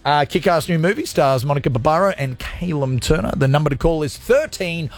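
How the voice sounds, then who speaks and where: A man hosting a radio show, loud, jokey and hyped as he chats with callers. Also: fairly high pitch, animated, a little fast. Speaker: radio host. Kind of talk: energetic radio show chat.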